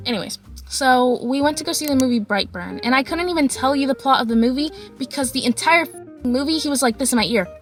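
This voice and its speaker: A young woman vlogger telling a storytime, animated, often laughing and acting out quotes in high voices. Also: fast, faint music behind. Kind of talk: storytime vlog.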